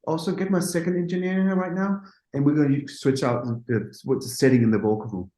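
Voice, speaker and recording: A man, a music producer, telling an animated anecdote in an interview and acting out the dialogue with quick asides. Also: fairly high pitch, echoey room, low-quality recording.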